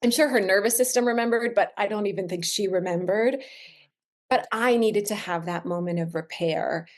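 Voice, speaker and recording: An earnest, reflective woman in her thirties talks openly in a heartfelt conversation. She slows right down on the words she wants to land and speaks at an everyday middle pitch. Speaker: wellness expert guest.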